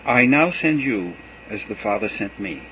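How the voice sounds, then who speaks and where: A man reading the lines of a calm, gentle male teacher in a measured way. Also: on the low side, slight background noise. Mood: solemn.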